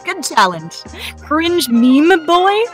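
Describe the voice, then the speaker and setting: A playful woman guest in a relaxed chat, quick to giggle and swinging her voice up and down expressively. She sits a little higher than most, with faint music running underneath. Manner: giggly and playful, laughs often. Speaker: voice actress guest. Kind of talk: casual chat.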